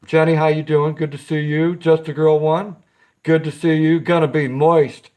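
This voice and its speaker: A man's voice: a little high, little pitch movement, moderate pace, dark tone. A man hosting a casual live stream, chatting with viewers, greeting them by name and giggling often.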